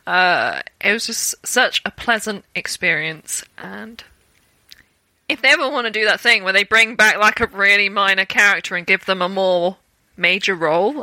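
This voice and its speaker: Young british woman, bright crisp tone, dry close sound, lively storyteller. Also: mid-range voice, dry recording. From Britain. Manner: animated storytelling with acted-out quotes and laughter. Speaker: guest, actor. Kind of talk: casual interview chat.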